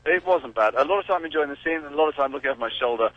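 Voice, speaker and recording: Calling a radio show on his phone while driving, an English celebrity speaks very fast and animatedly in a slightly high voice, with a crowd audible behind him and phone-quality sound. The chat is casual, and he's wry, joking, and self-mocking.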